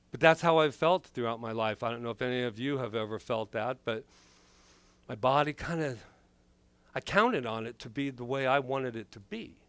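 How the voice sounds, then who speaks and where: A middle-aged man and minister giving a playful, animated sermon full of personal stories. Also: medium pitch, moderate pace, clear, resonant tone, dry recording. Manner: animated, playful, acts out quotes.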